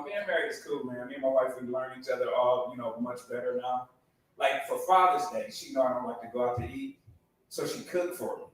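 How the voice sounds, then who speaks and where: A man's voice: on the high side, fairly bright tone, very echoey, recorded from a distance, slight background noise, rough recording. A middle-aged man performing a stand-up comedy set, acting out voices and laughing at his own jokes.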